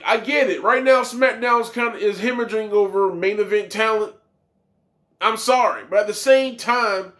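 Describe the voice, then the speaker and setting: A man's voice: high-pitched, a bit bright. A man reviewing a wrestling show, ranting with profane, exasperated commentary.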